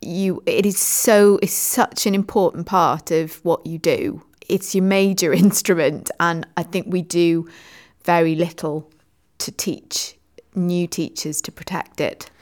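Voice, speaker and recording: A woman co-hosting a podcast in casual chat, enthusiastic and a little halting, with small laughs between her words. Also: on the low side, fairly even intonation, darkish tone. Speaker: podcast co-host.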